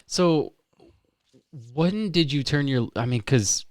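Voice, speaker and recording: A man's voice: on the high side, animated, slow pace, no echo, studio quality. A man hosting a podcast interview, asking curious follow-up questions and reacting with amazement. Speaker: podcast host.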